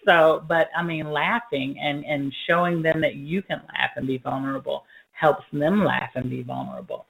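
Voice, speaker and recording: A woman talking easily about raising her kids, with a gravelly edge to her voice. She is playful and jokes at her own expense. Her delivery is casual and conversational. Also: low-pitched, steady tone, normal speed, poor audio. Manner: joking, playful, self-mocking.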